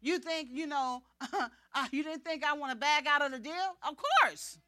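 Bright, lively woman preaching a testimony. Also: high-pitched, unhurried, no room sound, clean studio sound. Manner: animated storytelling, acting out dialogue. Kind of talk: sermon testimony.

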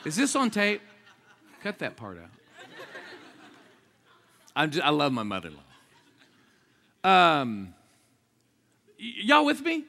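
A man preaching an energetic sermon, joking with the crowd and swinging between low asides and shouted exclamations. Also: slow pace, gravelly, long pauses. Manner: jokey, asks the crowd for responses.

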